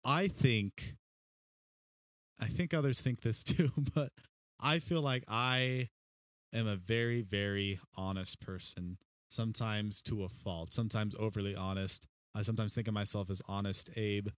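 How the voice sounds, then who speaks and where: A man's voice: on the low side, steady tone, unhurried, no echo. Playful man laughing through casual chat. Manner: laughs often, playful, drops into silly voices. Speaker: podcast guest.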